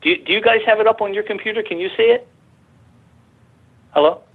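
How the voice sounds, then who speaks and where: A man's voice: high voice, a little fast, background noise. A man telling a long personal story as a guest on a radio talk show. He rambles, stumbles and repeats himself, and gets worked up as he goes. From Arizona, USA. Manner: rambling, repeats words and restarts, grows excited. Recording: tinny phone line.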